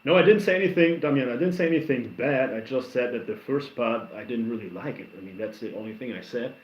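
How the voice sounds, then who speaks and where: A man talks casually on a home livestream, answering comments and wandering into animated stories full of restarts. His voice sits at an ordinary middle pitch. The sound is roomy and a bit dull, like an echoey room picked up by a lo-fi mic. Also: fast talker. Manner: rambling, animated storyteller with many restarts. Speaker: livestream host reacting to music. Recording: roomy, somewhat dull stream audio.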